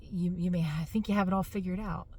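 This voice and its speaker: A woman's voice: lowish voice, steady tone, quick pace, darkish tone. A middle-aged woman chatting casually to camera in a vlog, exasperated and laughing at herself. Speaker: fitness business owner.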